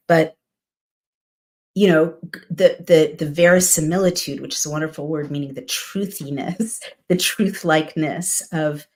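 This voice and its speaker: A woman with a low, gravelly voice reads a Bible passage aloud, pausing for reflective, conversational commentary. She often checks in with "right?" and "you know."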